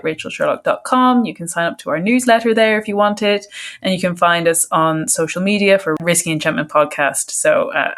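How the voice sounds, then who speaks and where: A woman's voice: lowish voice, a bit bright. A woman hosting a podcast, chatting in a friendly, enthusiastic way with her guest. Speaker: podcast host. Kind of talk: casual interview chat.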